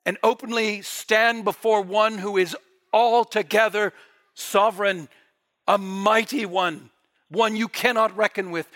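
A man preaching a sermon with fervent delivery, swelling loud and dropping to near-quiet. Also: sits high. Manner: fervent, rising and falling in volume.

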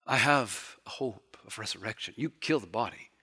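A man preaching a sermon, breaking into loud, excited bursts and then dropping to hushed, quiet emphasis, with playful mock taunts when he acts out quoted speech. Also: normal speed, few pauses, breathy edge. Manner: animated, swings from loud bursts to hushed lows.

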